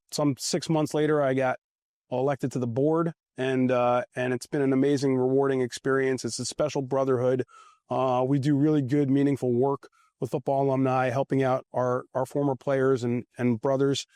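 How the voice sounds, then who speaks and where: A man reminisces about his days as a team equipment manager, wandering through anecdotes with restarts and chuckles at himself. His voice sits at a middle pitch. The sound is dry and close. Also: level tone, normal speed, a little mellow, clean tone, no echo. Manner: rambling, self-amused anecdotes with restarts. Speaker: former football equipment manager. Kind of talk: casual storytelling interview. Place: outdoors at a golf event.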